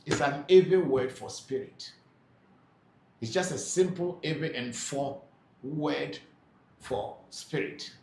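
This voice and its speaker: He's a spiritual teacher holding a live question-and-answer session, patiently working through viewers' comments with plenty of hesitation. The voice is fairly high and darkish, slow, and broken by frequent pauses. Echo and faint background noise fill the room.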